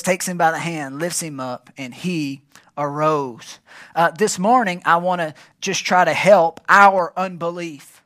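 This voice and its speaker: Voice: medium pitch, a bit bright. A pastor preaching a sermon at a church service, emphatic and prompting the congregation to fill in words.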